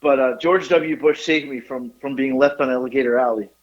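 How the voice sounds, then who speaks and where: A man's voice: medium pitch, steady tone, brisk. A man in his forties, a podcast host, telling a rambling, profane story with laughs and restarts. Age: 40s. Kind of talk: casual storytelling chat. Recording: dull lo-fi podcast audio.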